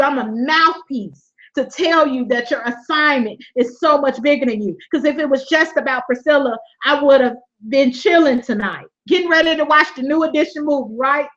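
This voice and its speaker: A high-pitched woman hosts a webinar, delivering a lively motivational faith talk where she laughs often and repeats her points like a preacher. The audio is dull, lo-fi webinar sound.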